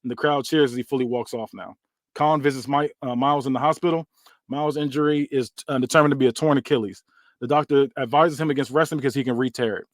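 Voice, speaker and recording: A man's voice: mid-range voice, fairly even intonation, quick pace, no echo. A young man, a podcast host, casually narrating a made-up wrestling story with frequent fillers. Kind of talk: fantasy booking narration.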